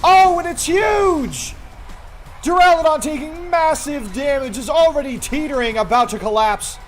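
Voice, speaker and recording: Brief: hyped stadium announcer, put on by a man, raised and loud, big dramatic calls, faint music behind. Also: measured pace. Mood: booming. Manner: booming, dramatic play-by-play hype. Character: excited male sports stadium announcer. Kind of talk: mock sports commentary over gameplay. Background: faint background music.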